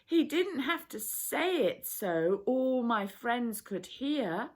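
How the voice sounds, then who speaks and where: A woman's voice: a little high, big pitch swings, slow pace, pitched above the performer's own voice, exaggerated voice. A woman voicing a defensive, curt young woman in a storybook.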